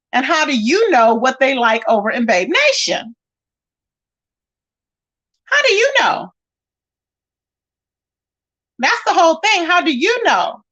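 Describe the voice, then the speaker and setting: High-voiced woman gossiping on a livestream. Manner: animated, dramatic, acts out quotes. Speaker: livestream host reading chat. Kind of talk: casual gossip livestream chat.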